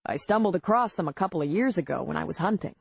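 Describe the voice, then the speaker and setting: A woman voicing a steady, plainspoken small-town bar owner in an audiobook. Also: fairly low pitch, fast, gravelly, husky, no echo, exaggerated voice. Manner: calm, matter-of-fact.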